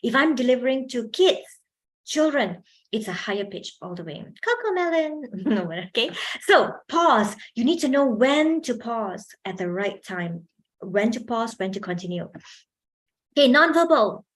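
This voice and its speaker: A woman leads a public speaking workshop for a live audience. She is animated, laughs often and keeps asking her listeners questions, speaking into a handheld microphone. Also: a little high, unhurried.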